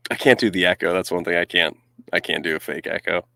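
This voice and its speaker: A man co-hosting a casual podcast, dropping jokes in a dry, deadpan way. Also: deep voice, fast, gravelly, dry recording. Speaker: podcast co-host. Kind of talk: casual chat.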